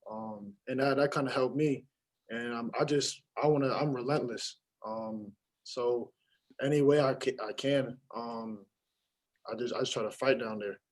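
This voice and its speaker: A young man, a college basketball player, answering postgame press questions in a halting way with many fillers and restarts. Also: mid-range voice, low-quality recording. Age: young adult.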